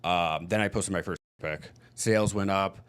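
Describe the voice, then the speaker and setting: A man's voice: low voice, normal speed, a bit bright, clean tone. A man from Michigan, telling stories candidly as a podcast guest. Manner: candid, chatty storytelling. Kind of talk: casual chat.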